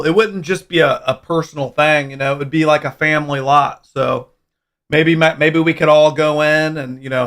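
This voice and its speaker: Gravelly-voiced man chatting on a livestream. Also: a little high, fairly bright tone. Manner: rambling, restarts and repeats words. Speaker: livestream host. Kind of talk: casual livestream chat.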